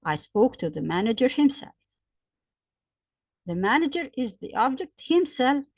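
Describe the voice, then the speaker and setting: A woman gives a grammar lesson with a fairly high voice. She works through example sentences slowly and repeats each point, and her voice sounds dry and close, with little room around it. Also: very animated, a little mellow, no room sound. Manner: slow, repetitive explaining with examples. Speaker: English grammar teacher.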